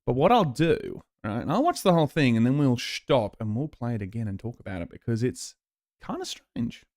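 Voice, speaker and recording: A man, giving a casual, animated reaction to a game ad. He laughs and swears often. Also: medium pitch, a little fast, no room sound, studio quality. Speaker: show host reacting to a game ad.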